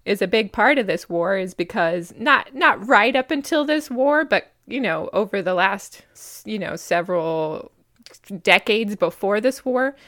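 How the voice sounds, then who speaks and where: A woman's voice: medium pitch, lively intonation, unhurried, fairly bright tone, no echo, studio quality. An American woman co-hosting a podcast, chatting casually about history with many fillers and frequent laughs. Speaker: podcast co-host.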